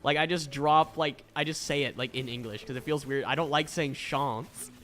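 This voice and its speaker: A man's voice: on the high side, normal speed, fairly bright tone. A young man from Florida, chatting casually on a stream, swearing a lot and laughing often. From Florida, USA.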